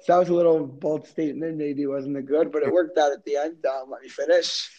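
Mellow-voiced man telling a rambling story. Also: on the high side, fairly even intonation, fast, muffled recording. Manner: rambling, heavy use of "like". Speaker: guest. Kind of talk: casual storytelling.

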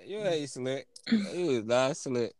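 A man's voice: medium pitch, animated, slow, a little mellow, no echo. A man trading crude jokes and slang in a casual podcast chat. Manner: crude, joking, heavy slang.

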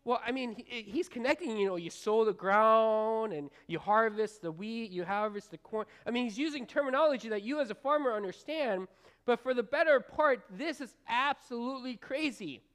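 With a fairly high pitch and normal speed, a woman pastor talks her congregation through a casual, meandering sermon. She's folksy and direct, often using fillers and starting sentences over.

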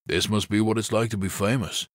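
A man's voice: lowish voice, steady tone, fairly quick, dry recording, studio quality, lightly acted. A man voicing an easygoing young male SWAT officer with a wry, laid-back manner.

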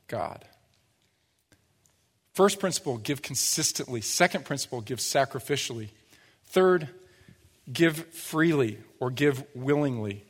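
A man's voice: medium pitch, big-room sound. A man preaching a sermon as pastor, conversational, with rhetorical asides and playful acted-out quotes. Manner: acts out little quoted voices for humor. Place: church sanctuary.

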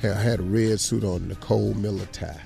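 Gravelly, low-voiced comedian telling stories. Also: male voice, steady tone, brisk. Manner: boastful, laid-back storytelling. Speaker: comedian guest. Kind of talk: casual storytelling chat.

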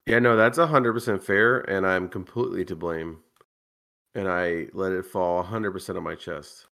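A man's voice: sits low, normal speed, gravelly, pushed and bright. A drunk man co-hosting a podcast, rambling and swearing in casual chat. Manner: rambling, profane. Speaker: podcast co-host.

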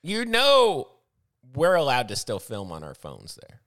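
A man who is a comedian, chatting casually, laughing often and swearing as he tells animated stories. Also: medium pitch, unhurried. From Arizona. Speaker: comedian podcast host. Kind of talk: casual chat.

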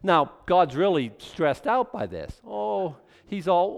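Male preacher, chatty verse-by-verse teacher, voice sitting a bit high and swinging a lot. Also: a little slow, long reverb tail. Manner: animated and conversational, with repeated restarts. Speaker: pastor teaching a Bible study. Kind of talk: sermon-style verse-by-verse teaching.

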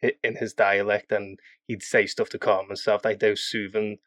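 A man chatting casually as a podcast guest, rambling and animated as he explains his game characters. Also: fairly low pitch, no room sound. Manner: rambling, animated with quick voice demos. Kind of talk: casual chat.

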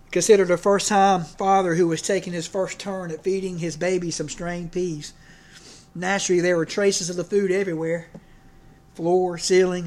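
A man's voice: sits high, a little mellow. A man preaching a folksy sermon, joking and often restarting his sentences. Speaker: pastor.

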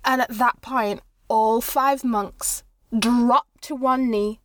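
A woman's voice: fairly high pitch, fairly even intonation, takes it slowly, no echo, clean studio sound. A woman narrating a tabletop game as game master in a casual, loose way.

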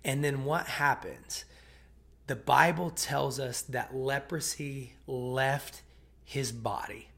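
Retelling a Bible story in a relaxed sermon, this man keeps asking his listeners "okay?" and "right?", often repeating and restarting words. He speaks slowly in a steady, mid-range voice that's creaky yet fairly bright.

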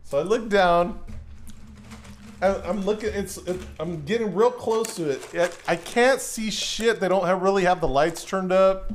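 A man's voice: high-pitched, a little slow, slight background noise. A man telling a profane story in casual chat, acting out both sides of the exchange.

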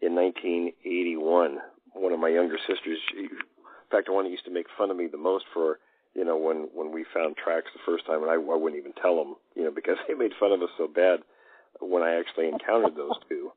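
A man's voice: deep voice, fairly even intonation, a little fast, no room sound. A man telling a story in a casual interview, rambling with many fillers. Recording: tinny phone-line audio.

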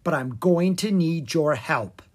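A narrator doing a patient, steady bard. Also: mid-range voice, unhurried, breathy edge. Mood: calm. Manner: steady, commanding when urgent. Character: calm wandering male bard, patient teacher.

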